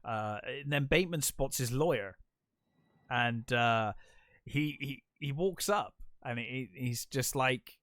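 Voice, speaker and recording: A man's voice: medium pitch, measured pace, a bit bright, no echo. Man retelling a film scene, dry sound. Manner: retells scenes, quoting characters in passing. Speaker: podcast co-host. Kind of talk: casual film discussion.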